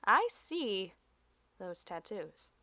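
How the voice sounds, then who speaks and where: A young woman doing a self-mocking comedic monologue in a deadpan way. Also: medium pitch, extremely slow, a little hiss or hum.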